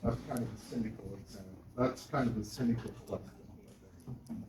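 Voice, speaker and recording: A man's voice: medium pitch, steady tone, normal speed, distant mic, background noise. Man lecturing in an echoey classroom. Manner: interactive, checks in with "right?". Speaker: university lecturer. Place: lecture hall.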